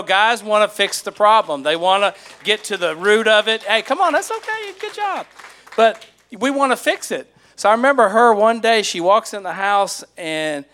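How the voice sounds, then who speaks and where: Bright high-voiced joking male pastor. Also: smooth. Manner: folksy, teasing, self-deprecating. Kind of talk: joking sermon asides.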